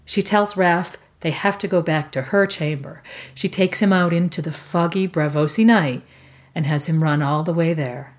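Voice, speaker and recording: A woman with a notably low voice discussing a book on a podcast. She speaks in a measured, thoughtful way and pauses now and then with small fillers. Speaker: podcast co-host.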